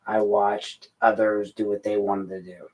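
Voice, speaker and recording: Middle-aged man, blunt and frustrated, low voice, late-night podcast monologue. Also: flat delivery, a little slow, a little mellow, low-quality recording. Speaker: podcast host.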